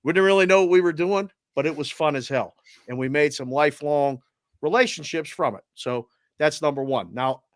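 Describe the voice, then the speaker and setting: A man's voice: medium pitch, dry recording, clean studio sound. A man co-hosting a sports betting podcast, talking earnestly and reading listener messages aloud in casual chat.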